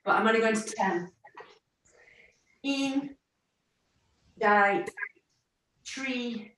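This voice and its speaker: A playful, chatty woman speaks slowly in a bright, forceful voice. She is heard from away from the mic in a roomy space. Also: fairly high pitch, distant mic, slight background noise. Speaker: class participant. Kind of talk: casual chat during a workout.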